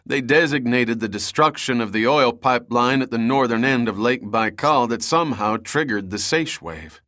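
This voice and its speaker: A man reading an audiobook, voicing an earnest middle-aged geophysicist who explains in a low voice. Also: moderate pace, bright, forceful tone, close to an everyday voice.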